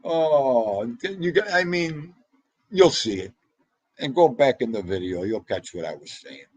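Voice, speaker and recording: A man hosting a livestream in casual, chatty talk, excitable, with sudden jumps up in pitch. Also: unhurried, husky, no room sound, poor audio. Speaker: livestream host.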